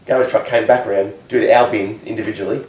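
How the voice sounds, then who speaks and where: An Australian comedian chatting casually, telling a rambling anecdote with laughs along the way. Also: male voice, lowish voice, fairly even intonation, quick pace, darkish tone, echoey room, recorded from a distance, poor audio. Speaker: comedian guest. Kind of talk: casual chat, storytelling.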